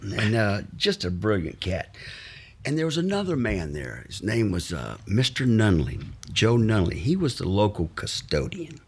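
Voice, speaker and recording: A man with a drawl talks in a very low, gravelly-husky register as he rambles through old stories. He stops and restarts often, filling gaps with uh's. He slips into the voices of the people he remembers. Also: wildly swooping pitch. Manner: rambling, halting with many uh's, acts out the people he quotes. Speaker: guest telling life stories. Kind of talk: casual anecdotal storytelling.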